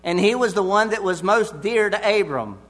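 A man preaching an expository sermon, deliberate and emphatic, repeating his key phrases. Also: high voice, animated, a bit bright.

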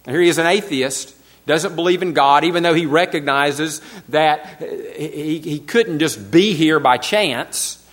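A man's voice: a little high, a little slow, a bit bright. A man preaching a sermon to his congregation, repeating key phrases for emphasis and asking his listeners questions. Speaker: pastor.

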